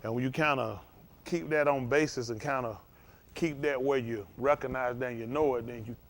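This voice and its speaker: Older man, informal folksy preacher, rambling and animated. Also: mid-range voice, moderate pace. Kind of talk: informal sermon.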